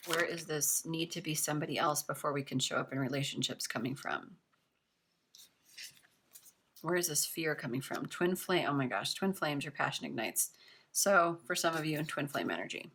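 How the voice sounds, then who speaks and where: A woman's voice: deep voice, brisk, fairly bright tone, a little hiss or hum. A young woman giving a casual tarot reading, chatty and reassuring, with lots of filler words. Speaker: tarot reader.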